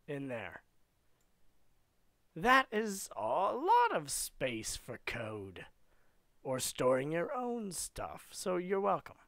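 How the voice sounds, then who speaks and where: A man's voice: fairly high pitch, wildly swooping pitch, unhurried, a bit bright, no echo. A man streaming a casual coding lesson, playful and rambling, slipping into silly voices as he works.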